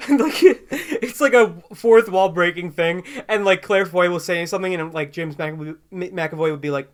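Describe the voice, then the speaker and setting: A man's voice: high voice, moderate pace. Rambling laid-back male co-host. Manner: rambling, filler-heavy, laughs easily. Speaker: podcast co-host. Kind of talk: casual pop culture podcast chat.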